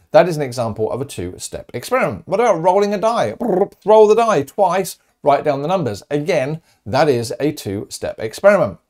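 A man's voice: mid-range voice, darkish tone. A middle-aged man teaching a recorded maths lesson in a chatty, upbeat and encouraging way, talking straight to his students.

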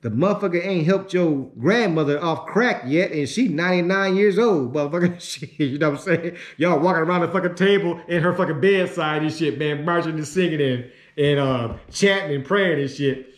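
A man delivering a profane, repetitive ranting monologue, swinging from shouting to muttering. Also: a little high, normal speed. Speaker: online commentator. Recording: roomy echo.

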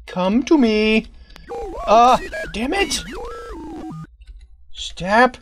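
A man playing a horror maze game, excitably chattering to the game's keys and locks with silly banter and sudden yelps. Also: sits high, slow. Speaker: let's play gamer. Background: game music.

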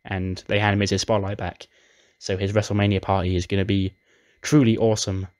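A man narrates a wrestling game story in a casual, chatty way. His voice sits low, and he retells events with animated energy. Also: brisk. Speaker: let's play narrator.

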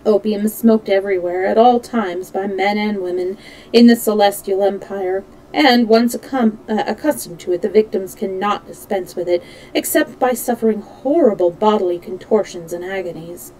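A woman storyteller reading a classic novel aloud in a steady, measured way, with small slips that she corrects herself. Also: mid-range voice, slight background noise, low-quality recording.

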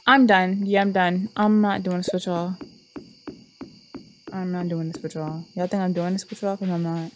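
A woman's voice: lowish voice, level tone, normal speed, soft background music. A young woman giving casual, chatty commentary while playing a game, often scolding the characters on screen. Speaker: gameplay streamer.

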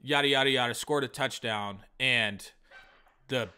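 A man co-hosting a comedy podcast, telling a long profane story in a casual, animated way. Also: mid-range voice, measured pace, clear, resonant tone. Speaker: podcast co-host.

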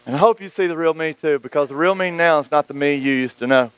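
A man preaching a sermon as pastor, moving between hushed, low passages and raised, excited ones, and acting out the voices of the people he quotes. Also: fast, smooth, no room sound, rough recording. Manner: dynamic preaching with wide swings between hushed and raised delivery; acts out quoted voices of church folk and critics.

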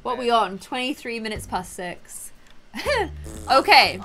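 A woman's voice: a little high, very animated, takes it slowly, fairly bright tone. A woman giving playful, dramatic commentary over a video game and often breaking into laughter. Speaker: gaming video host.

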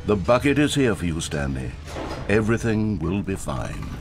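An actor playing a wry, omniscient male game narrator, speaking in measured, mock-grave tones. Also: low-pitched, big pitch swings, gravelly, over music, full character voice.

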